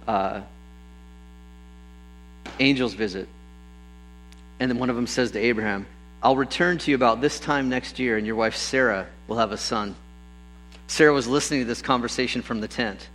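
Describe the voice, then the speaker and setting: A man preaching a sermon, telling stories with lively bursts and acting out the people in them. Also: mid-range voice, normal speed, pauses often, slight background noise, rough recording. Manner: lively storytelling, acts out voices with bursts of excitement. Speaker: pastor.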